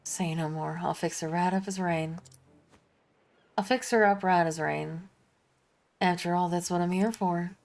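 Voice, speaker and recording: A woman's voice: lowish voice, steady tone, measured pace, long pauses, a little mellow. A woman voicing a kindly young male traveling apothecary with a put-on Southern drawl, reading game dialogue aloud. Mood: reassuring. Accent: put-on American Southern. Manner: folksy, reassuring drawl.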